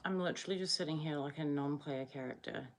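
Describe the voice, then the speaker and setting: A woman's voice: deep voice, fast. A tired woman with a New Zealand accent, rambling sleepily as she chats casually with livestream viewers. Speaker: livestream host. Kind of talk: casual live-stream chat.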